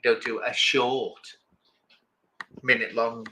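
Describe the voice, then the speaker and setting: A man's voice: mid-range voice, level tone, takes it slowly, sharp tone, slight background noise, rough recording. A middle-aged man, chatting casually with viewers on a livestream and rambling from one thought to the next. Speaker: livestream host.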